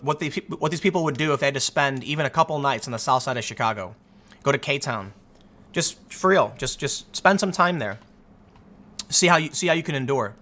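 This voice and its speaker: Male commentator, thirties, mocking and animated, slightly high and bright. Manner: sarcastic, mocking, animated storytelling. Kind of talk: casual commentary.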